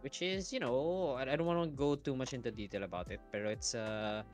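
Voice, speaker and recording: A man's voice: medium pitch, brisk, soft background music. A young man from the Philippines co-hosting a casual podcast, joking and mixing in Tagalog words. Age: young adult. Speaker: podcast co-host. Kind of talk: casual chat.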